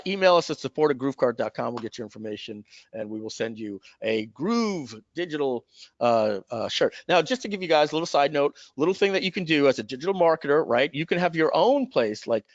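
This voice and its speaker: Lively chatty male webinar host. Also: a little high, dry recording, muffled recording. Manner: chatty, salesy, storytelling with asides. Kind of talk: live webinar presentation.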